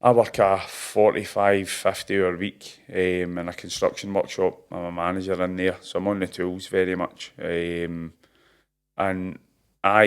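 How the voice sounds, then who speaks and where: A deep-voiced Scottish man in his thirties talks as a professional boxer in a casual interview. He tells stories freely, in broad local slang, and often laughs at himself. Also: smooth. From Scotland. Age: 30s.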